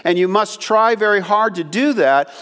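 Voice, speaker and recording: High-voiced older man preaching. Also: moderate pace, fairly bright tone, clear, resonant tone. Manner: folksy storytelling with asides to the congregation; acts out quoted voices in the story. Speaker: pastor. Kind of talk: sermon.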